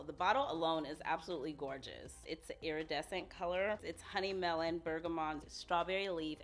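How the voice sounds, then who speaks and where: A woman with a low, bright voice reviews fragrances in a casual vlog. She gushes and talks straight to her viewers.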